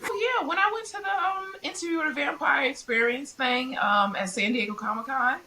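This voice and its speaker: A middle-aged woman co-hosting a casual podcast, animated and quick to laugh as she recaps a TV show. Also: high voice, low-quality recording. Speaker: podcast co-host. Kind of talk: casual pop-culture chat.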